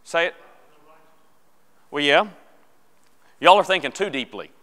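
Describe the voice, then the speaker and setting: A man's voice: fairly high pitch, animated, slow pace, sharp tone. A man teaching a church Bible class. He reads scripture aloud and chats casually with the class, asking them questions. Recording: long church hall reverb.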